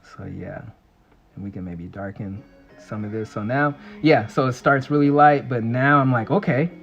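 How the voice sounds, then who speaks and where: A man casually chatting and rambling excitably on a livestream while he draws. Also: medium pitch, moderate pace, highs cut off, soft background music. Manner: rambling and excitable, full of fillers. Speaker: artist streaming a drawing session.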